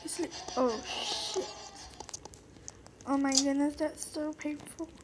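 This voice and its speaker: A woman's voice: sits high, fairly even intonation, takes it slowly, very noisy. A young woman giving casual gameplay commentary, muttering to herself and bursting into panicked exclamations. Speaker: gaming video creator.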